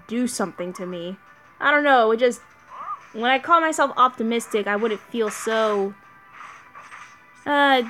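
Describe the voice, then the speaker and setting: A woman's voice: on the high side, bright, forceful tone. A woman giving casual gameplay commentary as a channel host, rambling and often restarting her sentences.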